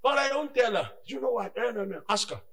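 Animated high-voiced male preacher. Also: fast talker. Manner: animated, shifts between shouting and hushed asides; acts out dialogue in his stories. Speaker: pastor. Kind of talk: sermon.

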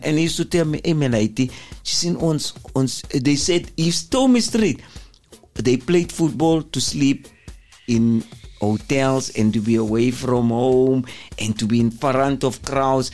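A man's voice: medium pitch, darkish tone. An older man, talking as a football pundit in an emphatic, rambling way with lots of repeated words. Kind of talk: studio discussion.

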